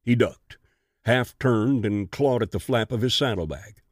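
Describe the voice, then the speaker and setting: A man narrating a western audiobook in a measured, steady reading. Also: medium pitch, dry recording, studio quality.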